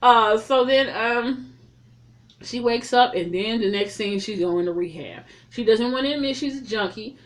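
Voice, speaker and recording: A woman recapping a movie in a casual, blunt and profane way, telling it as a lively story. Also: fairly high pitch, moderate pace. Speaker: movie reviewer.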